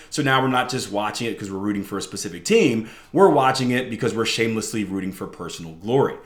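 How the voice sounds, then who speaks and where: A man hosting a trading coach podcast, telling stories in a casual, animated way and often tagging his sentences with "right?". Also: on the low side. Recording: roomy echo.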